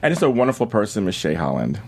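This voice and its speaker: A man in his fifties hosting a talk show, excitable and quick, often laughing. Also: fairly low pitch, gravelly, a loud crowd. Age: 50s. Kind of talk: upbeat show host intro and guest roll call.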